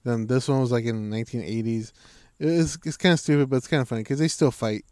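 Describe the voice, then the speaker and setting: A man co-hosting a casual podcast, telling stories in an animated way and swearing freely. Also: mid-range voice, quick pace, no echo, clean studio sound. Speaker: podcast co-host. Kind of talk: casual chat.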